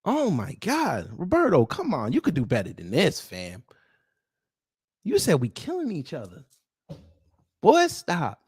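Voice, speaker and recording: A man hosts a live stream and fires back at his chat with mocking sarcasm. His voice sits fairly high and leaps up and down in pitch. The sound is close and dry. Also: wildly swooping pitch, unhurried, pauses often, a little mellow, slightly rough, no echo. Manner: sarcastic, mocking, confrontational toward commenters. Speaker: host of a news commentary livestream.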